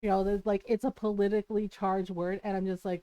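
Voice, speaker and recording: A woman's voice: mid-range voice, flat delivery, a little fast, hardly any pauses, dark tone, no room sound. A woman streamer in casual livestream chat, ranting animatedly, swearing, laughing often and greeting viewers as she talks.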